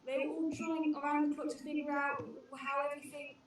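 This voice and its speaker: A woman's voice: high voice, level tone, fast, slight background noise. A woman playing her character in a tabletop game, talking hesitantly with many restarts. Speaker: player. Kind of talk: casual tabletop role-play. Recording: echoey room, far from the mic, chatter.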